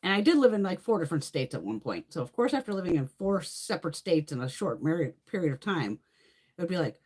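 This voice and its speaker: Animated woman swearing through a rambling chat. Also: fairly low pitch, fairly quick, breathy edge. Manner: reads and answers viewer comments. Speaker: beauty video creator. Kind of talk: casual live-stream chat.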